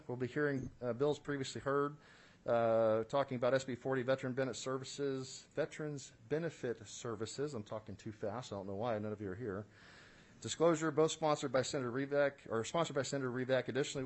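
Presiding over a formal legislative committee hearing from a committee room, a medium-pitched state senate committee chair keeps things businesslike and procedural. His speech is full of "uh" fillers, with a dry aside now and then.

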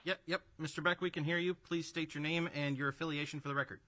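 A man chairing a committee hearing, calling speakers in a formal, brisk, procedural way. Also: fairly high pitch, steady tone, sharp tone.

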